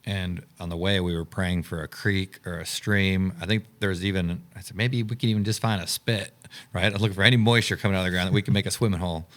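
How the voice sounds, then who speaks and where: Deep-voiced man telling a lively story. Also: quick pace, hardly any pauses. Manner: animated storyteller acting out quoted dialogue. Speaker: camp owner and director. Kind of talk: storytelling in a podcast interview.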